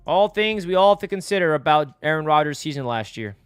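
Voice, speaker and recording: Young man, casual live stream host, rambling and excitable, fairly high voice, dry close mic. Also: brisk, clean tone, dry recording, faint music behind. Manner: excitable, rambling, bursts into yelling.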